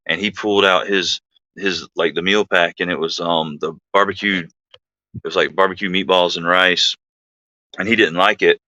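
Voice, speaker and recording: A man's voice: low-pitched, pushed and bright, no room sound, lo-fi sound. A man hosting a livestream, telling a rambling army anecdote in a casual way, full of fillers and asides to his chat. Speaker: livestream host, army veteran. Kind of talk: casual storytelling.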